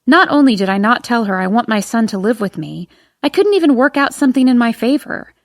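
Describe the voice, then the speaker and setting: A woman's voice: a little high, very animated, fairly quick, no room sound, clean studio sound. Woman narrating a first-person audiobook.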